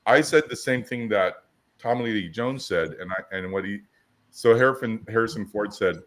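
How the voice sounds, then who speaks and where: A man's voice: on the low side, moderate pace. A man co-hosting a coaching podcast, talking assertively in casual chat and acting out quotes in his stories. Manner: assertive, storytelling with acted-out quotes.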